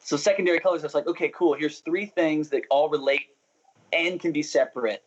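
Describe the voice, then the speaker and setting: A man's voice: on the high side, brisk, lo-fi sound, slight background noise. A young adult man talking as a musician guest in a casual interview, chatty and self-interrupting, often laughing.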